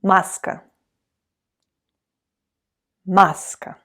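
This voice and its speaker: Slow, encouraging Russian woman teaching. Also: fairly bright tone. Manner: patient, encouraging, reads words slowly for repetition. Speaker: language teacher. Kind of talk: online language lesson.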